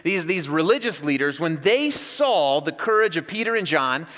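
A man in his thirties preaching a sermon to his church, telling a story with lively, acted-out shouts. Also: a little high, normal speed. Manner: storytelling, animated, acts out yelling. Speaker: pastor. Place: church hall. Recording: long hall reverb.

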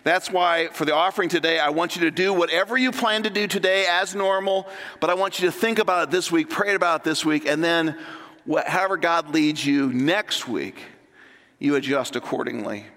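Bright-voiced man preaching in a hall. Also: fairly high pitch, normal speed. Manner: energetic, joking and conversational. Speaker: pastor. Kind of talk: sermon.

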